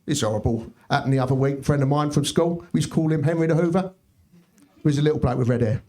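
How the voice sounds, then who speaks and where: His pitch runs a little high. He's a middle-aged comic on a club stage, deadpanning his way through stories while firing off brief remarks to the crowd.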